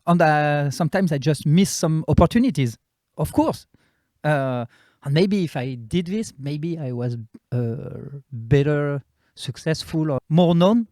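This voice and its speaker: A man's voice: fairly high pitch, measured pace, dark tone, dry recording, clean studio sound. A French comedian, a man with a French accent whose native language is French, chatting as a guest while searching for English words. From France. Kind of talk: casual interview chat.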